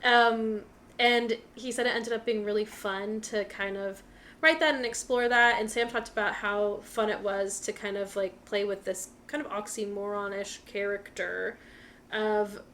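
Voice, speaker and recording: A woman's voice: mid-range voice, fairly even intonation, measured pace, a bit bright, a little hiss or hum. A woman co-hosting a casual movie podcast, chatty and full of trivia, often quoting people in little voices. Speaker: podcast co-host.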